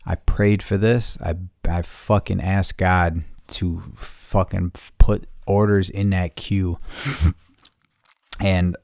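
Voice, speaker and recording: A man hosting a casual podcast chat, swearing freely and swinging between quiet reflection and loud ranting. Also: low-pitched, level tone, slow, gravelly, dry recording, clean studio sound. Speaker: podcast host.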